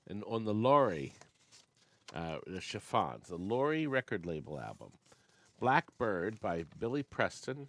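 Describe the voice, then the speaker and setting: A man in his sixties hosts a chatty show for an amusement sales company, reading old record labels aloud and humming snatches of songs. His fairly low, sing-song voice is a little slow with long pauses and a fairly bright tone, and there's no room sound.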